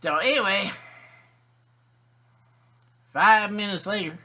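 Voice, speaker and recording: A man's voice: high-pitched, slow, bright, forceful tone. A man telling a rambling, folksy comic story as a video host.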